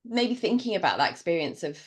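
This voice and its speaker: A woman's voice: fairly low pitch, sing-song, fairly quick. A woman hosting a podcast, asking reflective questions and encouraging her guest. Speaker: podcast host. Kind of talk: conversational interview.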